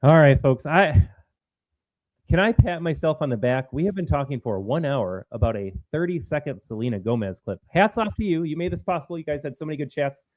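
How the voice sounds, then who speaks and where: A man's voice: fairly high pitch, animated, brisk, dull audio. Combative male livestream commentary host. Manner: combative, sarcastic, mocking voices of opponents.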